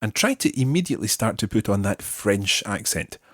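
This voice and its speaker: A man teaching a beginner language lesson on a podcast, patient and clear as he models words for learners to repeat. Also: lowish voice, big pitch swings, a little fast, dry recording, studio quality.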